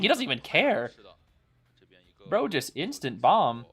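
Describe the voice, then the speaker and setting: A man casually co-watching an esports final, reacting excitedly and often saying "bro". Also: on the high side, slow pace, long pauses, slightly rough. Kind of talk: casual live watch-along commentary.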